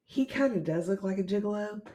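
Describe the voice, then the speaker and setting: A podcast co-host telling a story in a casual, animated way, laughing often and cursing. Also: mid-range voice, brisk. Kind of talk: unscripted casual chat.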